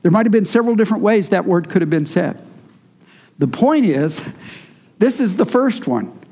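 A man's voice: high-pitched, animated, moderate pace, dark tone. A man preaching a sermon, teaching in a conversational way and answering his congregation. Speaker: pastor.

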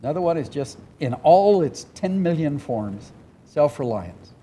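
A man's voice: on the high side, sing-song, measured pace, dark tone, slightly rough. A man preaching a sermon as a pastor, earnest and emotional, at times tearful, repeating phrases for emphasis. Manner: emphatic repetition, voices God and people in quotes.

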